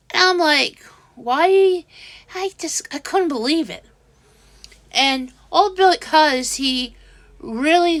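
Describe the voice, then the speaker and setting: A high-pitched woman recounts a story to her viewers at an unhurried, halting pace, often stopping to restart her sentences. Her exasperation keeps breaking through. The sound is dry and close, with no room around it. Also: fairly bright tone, dry recording. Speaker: vlogger. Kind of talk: casual storytelling vlog.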